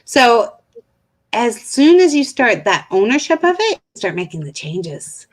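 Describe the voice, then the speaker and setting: A woman's voice: on the high side, very animated, measured pace, noisy background. A woman co-hosting a self-help live stream, talking casually and chattily as a coach over a video call. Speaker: co-host and coach.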